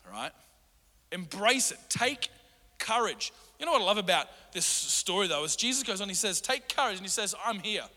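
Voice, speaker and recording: Man, pastor, sermon, high bright tone, animated delivery, reverberant church hall. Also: moderate pace. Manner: animated, acts out quotes in raised voices.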